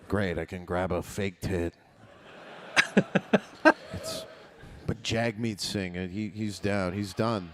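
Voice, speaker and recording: A man's voice: deep voice, fairly even intonation, slow, pauses often, slight background noise. A man doing crude stand-up comedy on stage, mocking and laughing at his own jokes.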